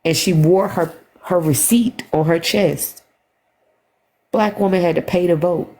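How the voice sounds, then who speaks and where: A tired woman talking on a phone livestream, halting and repeating herself as she speaks with emotion. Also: on the low side, dark tone. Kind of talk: emotional casual livestream talk.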